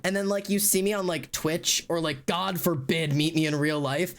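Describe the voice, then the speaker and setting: A streamer chatting casually and loudly to live viewers, rambling and poking fun at themself. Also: mid-range voice, fairly even intonation, normal speed. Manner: loud, rambling and self-mocking. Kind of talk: casual livestream chat to viewers.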